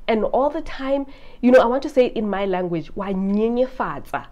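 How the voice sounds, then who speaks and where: A woman's voice: a little high, normal speed, dull audio. A woman giving a casual Bible lesson, reading scripture aloud and breaking off to comment, often checking in with the viewer. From South Africa. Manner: expressive, reads scripture aloud and then comments; talks directly to the viewer with frequent "right?". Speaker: Christian money vlogger.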